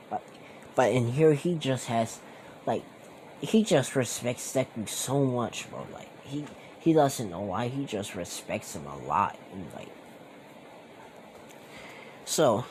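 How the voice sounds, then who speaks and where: A man's voice: medium pitch, slight background noise. A young man casually retelling a fan story, rambling with lots of fillers.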